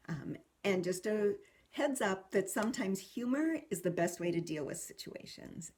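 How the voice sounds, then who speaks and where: Female parenting host, calm and even, gentle explainer. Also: on the low side. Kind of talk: talking to camera about parenting.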